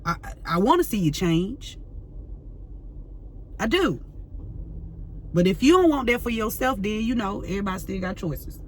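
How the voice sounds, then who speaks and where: A woman's voice: medium pitch, expressive, normal speed, long pauses, slight background noise. A woman tarot reader ranting to camera, fiery and profane, full of slang and repeating herself as she vents. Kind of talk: heated unscripted rant to camera.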